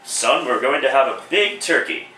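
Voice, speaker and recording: A man voicing a deadpan poor father in a low, flat voice. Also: normal speed. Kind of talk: one-man comedic radio play. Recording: roomy echo, distant mic.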